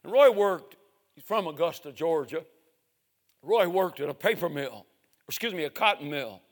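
A man preaching a sermon, telling a story in a slow, dramatic way. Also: on the high side, expressive. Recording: reverberant hall.

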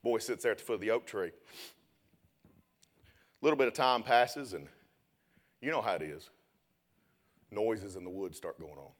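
A young man preaching a sermon, telling a story and then building to loud, shouted preaching. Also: on the low side, normal speed, long pauses.

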